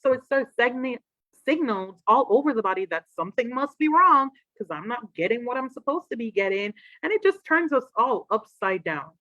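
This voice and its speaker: A woman, a trauma expert, giving an animated, casual talk on a livestream and acting out quoted voices. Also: fairly high pitch, moderate pace, no echo, muffled recording.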